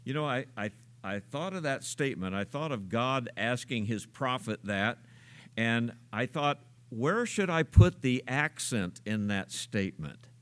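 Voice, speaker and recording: A man preaching a sermon, unhurried and searching, with frequent filler sounds and rhetorical questions. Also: medium pitch, expressive, clean tone. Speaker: pastor.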